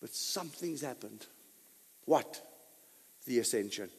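A man preaching a sermon as pastor, full of rhetorical questions and sudden loud bursts. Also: mid-range voice, expressive, measured pace, breathy edge. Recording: long hall reverb.

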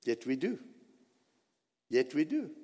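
A man's voice: fairly high pitch, sing-song, takes it slowly, dark tone, breathy edge, in a large hall. A man preaching a sermon as pastor, emphatic and dramatic, dropping suddenly to near whispers.

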